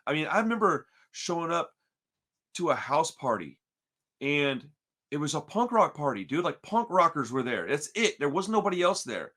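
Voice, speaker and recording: A man from Texas telling a story on a podcast in casual chat, slangy and animated, calling everyone dude and bro. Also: a little high, moderate pace. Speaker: podcast co-host.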